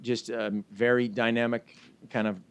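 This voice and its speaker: A man's voice: medium pitch, little pitch movement, normal speed, gravelly, clear, resonant tone. A man speaking as a head football coach at a press conference, talking informally and upbeat while heaping praise on recruits.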